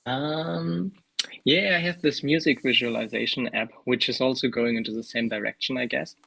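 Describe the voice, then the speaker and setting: A man being interviewed as a guest developer, talking in a relaxed, hesitant way with plenty of fillers. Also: medium pitch, a little fast, creaky, few pauses, slightly rough, rough recording. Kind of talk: casual interview over a call.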